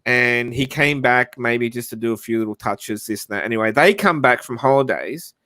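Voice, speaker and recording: A man's voice: mid-range voice, normal speed, pushed and bright, dry recording. Rambling Australian man, dry sound. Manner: rambling, lots of restarts and swearing. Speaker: livestream host. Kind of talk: casual storytelling chat.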